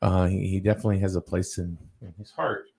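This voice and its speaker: A man hosting a casual local talk show, animated and quick with quips. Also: low voice, creaky, slightly rough. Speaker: radio show host.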